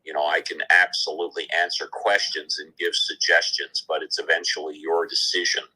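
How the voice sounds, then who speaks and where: A man moderating an online audio chat room, speaking in a measured, storytelling way. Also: extremely low pitch, little pitch movement, bright, forceful tone, breathy edge, poor audio.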